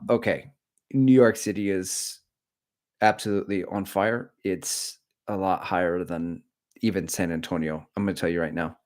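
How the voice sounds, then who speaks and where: A man's voice: deep voice, fairly even intonation, a little slow. A middle-aged man hosting a running livestream, chatting candidly and joking as he rambles between topics. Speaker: running channel host. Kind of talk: casual livestream chat.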